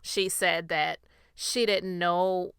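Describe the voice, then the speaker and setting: Woman host, bright and very clear voice, dry close-mic sound, chatty opinion monologue. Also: fairly low pitch, fairly even intonation, takes it slowly, no echo. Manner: chatty, opinionated, addresses the audience directly. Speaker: host of a commentary channel and podcast. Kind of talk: casual commentary monologue.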